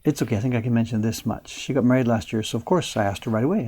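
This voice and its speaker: Older guy streaming from his print shop, chatty, thinks out loud, bit of hiss behind. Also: medium pitch, rapid-fire, hardly any pauses. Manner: chatty, thinks aloud, drops to a hush while carving. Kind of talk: casual chat while working. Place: print workshop.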